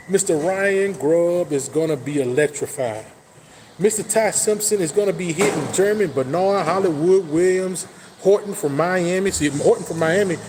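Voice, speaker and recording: A man's voice: a little high, a little mellow, slight background noise. Hyped man trash-talking football. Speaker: sports talk host. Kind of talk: casual sports chat.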